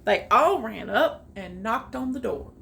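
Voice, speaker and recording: A woman reading a children's picture book aloud, with chatty, animated asides about the pictures. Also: on the high side, a little slow, vocal fry, slight background noise. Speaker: storytime reader. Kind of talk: children's read-aloud with commentary.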